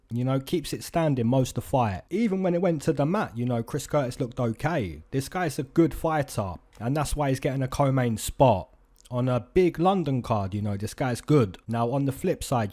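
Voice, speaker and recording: A man hosting fight predictions in casual talk, animated, repeating his points and asking himself questions. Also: mid-range voice. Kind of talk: casual betting breakdown.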